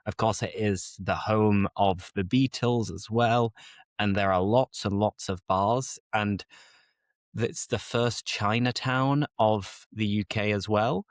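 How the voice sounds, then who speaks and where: A young man from England hosting a learners' podcast, talking in a fairly low voice. He explains local words with eager enthusiasm, stopping to define them. The sound is dry and close to the mic. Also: fairly even intonation, takes it slowly, dry recording. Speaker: English teacher and podcast host. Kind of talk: casual explanatory chat.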